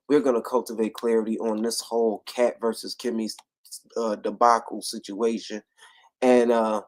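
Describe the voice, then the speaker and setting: A man hosting a casual commentary livestream, drawling, laughing often and repeating himself. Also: mid-range voice. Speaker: livestream host.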